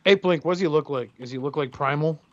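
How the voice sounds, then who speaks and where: A man co-hosting a podcast in casual chat, swearing freely and telling animated stories. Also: on the high side, fast talker, no echo, muffled recording. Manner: profane, animated storyteller who acts out quotes. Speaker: podcast co-host.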